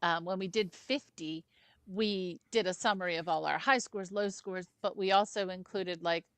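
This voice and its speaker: A woman's voice: lowish voice, steady tone, normal speed, clean tone, dry recording. Enthusiastic woman co-host chatting. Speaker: podcast co-host. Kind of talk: casual chat.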